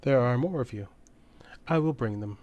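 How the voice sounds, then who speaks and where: A man voicing a mysterious ancient female spirit who speaks in a slow, hushed, cryptic way. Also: mid-range voice, dull audio, close to an everyday voice.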